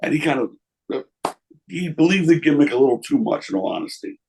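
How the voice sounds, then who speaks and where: A man's voice: a little high, lively intonation, brisk, creaky, darkish tone, a little hiss or hum, low-quality recording. An older man, a former wrestling promoter, answering interview questions with candid anecdotes and quoting people along the way. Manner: candid, anecdotal, quotes others in voices.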